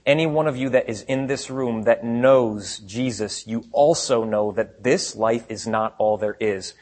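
A man preaching a sermon to a room of listeners, paraphrasing scripture with animated sarcasm and swinging between quiet and loud. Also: medium pitch, a little slow. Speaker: pastor. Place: room with congregation.

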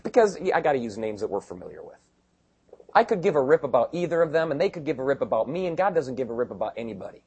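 Middle-aged male pastor, husky voice, lively swinging delivery, jokey and conversational, acts out quick asides. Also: medium pitch. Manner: conversational, joking, mimics people in quick asides. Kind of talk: sermon.

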